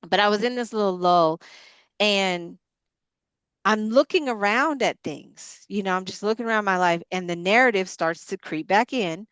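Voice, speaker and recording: A woman's voice: medium pitch, normal speed, fairly bright tone, smooth, no room sound. A woman who coaches women gives a motivational talk in a preaching style, emphatic and blunt. She stacks her points in punchy repetitions, and her voice sounds close and dry. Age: adult mother of grown girls. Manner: emphatic and repetitive, building in punchy parallel lines. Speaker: ministry leader and women's coach.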